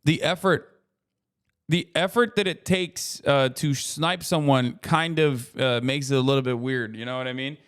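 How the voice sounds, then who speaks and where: A man in his thirties chats on his livestream in a loose, rambling way, swearing often and dropping sarcastic asides. His voice sits a touch higher than usual for a man. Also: a bit bright, smooth. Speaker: streamer reacting to a video. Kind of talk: casual livestream reaction talk.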